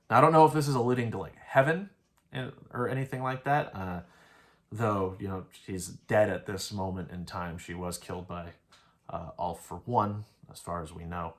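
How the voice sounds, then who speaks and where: A man's voice: deep voice, steady tone, normal speed. A man casually analyzing an anime episode, rambling through his retelling and peppering it with "like". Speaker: anime reviewer.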